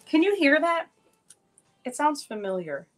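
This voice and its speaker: A middle-aged woman with a slightly high voice runs a casual live jewelry sale. She chats in an upbeat, rambling way, showing pieces and greeting viewers by name as she goes. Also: very animated, measured pace. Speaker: live-stream jewelry seller.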